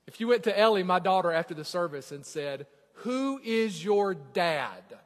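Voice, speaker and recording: A man in his forties preaching a sermon as a pastor in a church, dropping to quiet asides and rising loud and slow when reading scripture. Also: sits high, very animated. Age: 40s. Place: church sanctuary. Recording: long church reverb.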